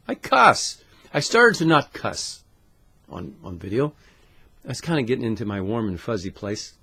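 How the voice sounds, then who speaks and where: A man hosting his own channel, ranting to camera with constant swearing, jumping between loud outbursts and muttered asides. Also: mid-range voice. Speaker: channel host. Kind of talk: profane conspiracy rant to camera.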